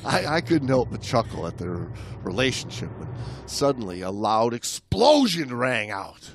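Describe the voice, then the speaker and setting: Animated man telling a comic story. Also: mid-range voice, unhurried, a little hiss or hum. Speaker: podcast co-host. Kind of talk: comedic storytelling.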